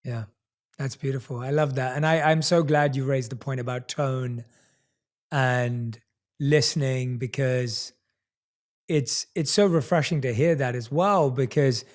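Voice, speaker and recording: A man's voice: medium pitch, unhurried. A man hosting a podcast interview, enthusiastic and affirming as he asks questions. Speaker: podcast host. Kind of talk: conversational interview.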